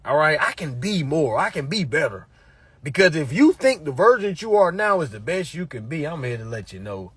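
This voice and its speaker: Man, motivational talker, raised pitch, husky edge, swoops a lot, profane and repetitive, keeps checking in with the audience. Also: big pitch swings, brisk, fairly bright tone. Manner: emphatic, repetitive, peppered with "all right?" and profanity. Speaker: motivational speaker. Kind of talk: preachy motivational talk to followers.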